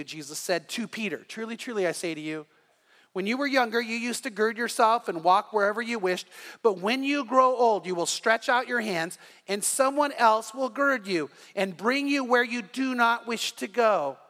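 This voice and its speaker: A man's voice: high-pitched, fairly bright tone, in a large hall. A man preaching a sermon as the pastor, telling stories earnestly and often restarting his phrases. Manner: earnest storytelling with frequent repeated starts.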